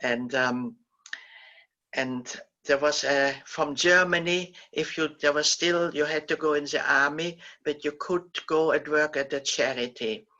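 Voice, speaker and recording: Older woman, survivor guest speaker, forceful bright tone, halting storyteller, lo-fi sound. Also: sits low. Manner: halting, gentle storytelling with frequent restarts. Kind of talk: recounting personal memories in a talk.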